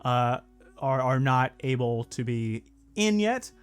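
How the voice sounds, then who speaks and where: A man's voice: medium pitch, very animated, slow, clean tone. A young man co-hosting a podcast, chatting casually in a laid-back, rambling way with lots of fillers and restarts. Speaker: podcast co-host. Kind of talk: casual chat.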